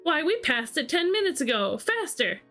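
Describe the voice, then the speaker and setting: A woman reading aloud and voicing a brisk, bossy, commanding queen in a storybook reading. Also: high voice, very animated, bright, forceful tone, soft background music, pitched above the performer's own voice, full character voice. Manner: brisk, commanding, matter-of-fact.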